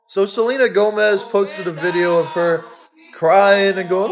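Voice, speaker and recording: A man hosts a casual reaction show with sarcastic, mocking commentary. His voice sits high for a man. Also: fairly even intonation, measured pace, crowd noise. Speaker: reaction channel host.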